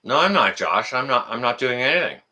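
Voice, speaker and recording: A man's voice: mid-range voice, sing-song, a little fast, pushed and bright. A man hosting a casual live stream, rambling, teasing his guest and reading out viewer comments.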